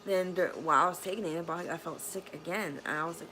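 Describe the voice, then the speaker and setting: A woman with a low-pitched voice tells a casual storytime vlog from her bedroom. She rambles with plenty of fillers and swears freely. A faint background noise sits under her voice. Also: steady tone, very fast, few pauses. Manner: rambling, profane, lots of fillers. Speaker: vlogger. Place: bedroom at home.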